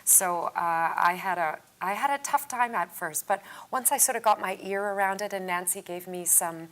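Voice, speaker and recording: A woman's voice: mid-range voice, moderate pace, fairly bright tone. A woman stage actor answering audience questions in a casual panel, chatty with frequent fillers.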